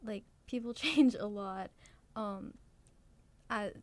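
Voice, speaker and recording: A teenage girl from New Jersey co-hosting a podcast, laid-back and giggly, with halting filler-heavy speech. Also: medium pitch, no room sound. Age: teens. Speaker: podcast co-host. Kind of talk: casual chat.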